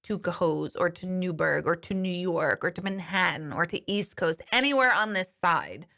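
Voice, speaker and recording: This intuitive medium and life coach has a lowish, expressive voice with vocal fry and a sharp edge, delivered at a moderate pace. Streaming live from a studio, she chats candidly through viewer comments, letting the odd swear word slip and saying sorry for it.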